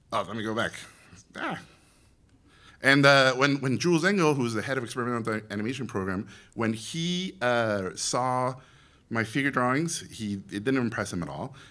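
A Mexican-accented animation director in his forties, appearing as a guest speaker, gives an animated storytelling talk to students and slips into the voices of the people in his stories. His medium-pitched voice is bright and forward with a ringing edge, at a moderate pace.

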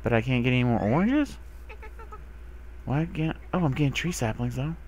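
A young man giving casual commentary while playing a video game, who talks to the animals he finds and gets excited, sometimes swearing. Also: medium pitch, moderate pace. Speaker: gamer. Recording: faint background noise.

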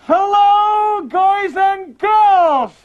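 A man voicing a cheeky boy ventriloquist dummy with a wooden head in a children's TV puppet comedy, loud and mock-clumsy. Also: very high voice, very slow, dull audio, pitched above the performer's own voice, exaggerated voice.

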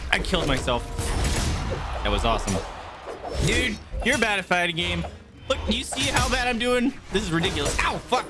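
A game streamer giving excited live commentary while playing, swearing often and squealing and yelping at the action. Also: mid-range voice, moderate pace, pauses often. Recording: loud game music behind the voice.

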